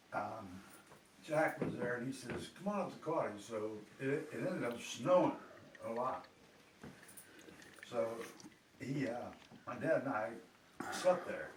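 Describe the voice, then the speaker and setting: A man fondly reminiscing about family times at a funeral luncheon. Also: mid-range voice. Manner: fond, reminiscing. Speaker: family member sharing memories. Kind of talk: casual storytelling at a funeral luncheon. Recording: echoey room, distant from the mic, background noise.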